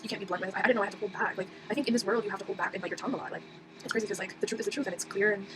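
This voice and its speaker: Talking very fast in a steady, medium-pitched voice, a young woman vlogger rambles through a personal story. Her casual monologue is packed with fillers and restarts, and background noise is audible.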